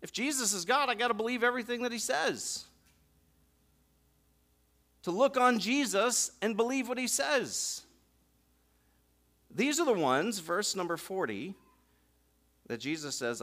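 Bright, high-voiced preaching man. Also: lively intonation. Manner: emphatic preaching, swelling and slowing on key phrases. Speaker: pastor. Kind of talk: sermon.

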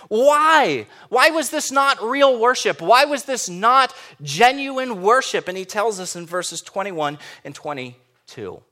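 A man's voice: high voice, sing-song, slow, few pauses, pushed and bright. A man preaching a sermon as pastor, emphatic and full of rhetorical questions.

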